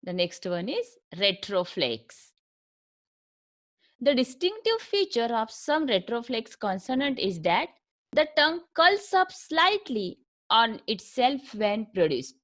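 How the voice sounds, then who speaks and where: A woman's voice: a little high, a bit bright. A woman with an Indian accent giving a recorded phonetics lecture as an English lecturer, patiently repeating and drilling each sound.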